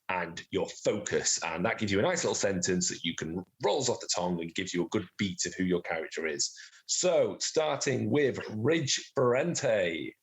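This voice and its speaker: A man acting as game master, explaining the rules of a tabletop game in a relaxed, chatty way. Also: on the low side. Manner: relaxed, explanatory, chuckles at own jokes.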